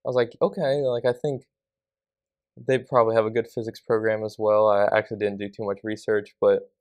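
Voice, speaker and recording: A man's voice: fairly low pitch, little pitch movement, a little fast, a little mellow, no echo. A young man guesting on a podcast, answering earnestly and casually with many fillers. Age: young adult.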